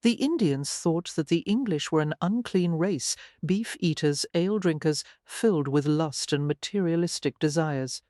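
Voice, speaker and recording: An audiobook narrator giving a measured, even scripted reading of a romance novel. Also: mid-range voice, dry recording, clean studio sound.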